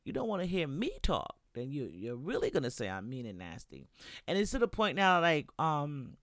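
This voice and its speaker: With a deep voice that swings hugely in pitch, this New York podcast host talks at a moderate pace, bluntly and profanely telling candid stories. It's a casual monologue aimed right at the listener, recorded in a dry, dead room with no room sound.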